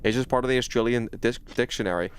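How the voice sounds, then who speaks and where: A British man gives chatty gameplay commentary on a livestream, swearing freely and breaking into sudden excited outbursts. His medium-pitched voice is clear and resonant, and he talks quickly.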